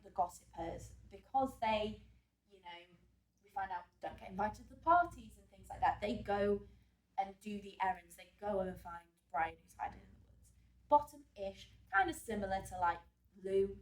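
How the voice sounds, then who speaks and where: A woman's voice: mid-range voice, darkish tone, distant mic. A woman drama teacher giving an exam revision lesson, chatty and full of fillers, who checks in with her class. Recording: echoey room, voice off-mic.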